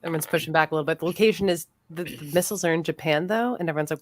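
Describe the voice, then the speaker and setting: An American woman co-hosting a podcast, chatting casually about a spy film with quick reactions and easy laughs. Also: low voice. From United States. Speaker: podcast co-host.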